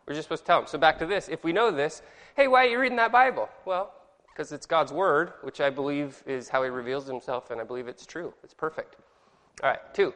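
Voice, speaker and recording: A man's voice: a little high, fairly quick, fairly bright tone. A man leading an informal Bible study lesson, chatty and rambling, quizzing his class and correcting himself as he goes. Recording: reverberant hall with long echo.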